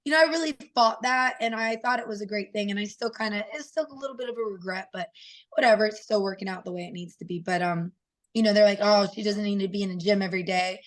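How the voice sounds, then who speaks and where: A woman in her thirties telling family stories as an interview guest, casual and animated, acting out what her kids said. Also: medium pitch, quick pace. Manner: animated, acts out quoted voices of her kids. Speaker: guest fighter.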